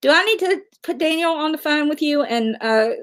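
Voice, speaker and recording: A woman's voice: high-pitched, animated, a little fast, a bit bright. Chatty woman, laughs often. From West Virginia, USA. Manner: chatty, laughs often, answers viewer comments. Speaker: livestream host. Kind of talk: casual livestream chat.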